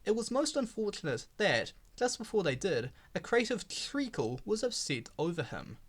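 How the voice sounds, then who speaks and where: Guy reading a kids' storybook, expressive, pitch moving a lot. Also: moderate pace. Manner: gentle storytelling with character voices. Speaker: storybook reader. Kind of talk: reading a children's storybook aloud.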